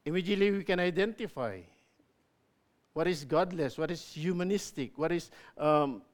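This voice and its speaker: A man's voice: a little high, normal speed. Man preaching an expository sermon. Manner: explanatory preaching with emphatic repetition. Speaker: pastor.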